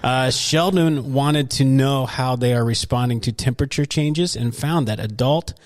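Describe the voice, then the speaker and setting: A man co-hosting a podcast in casual chat, playful and quick to laugh, reading out news items. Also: mid-range voice. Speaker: podcast co-host.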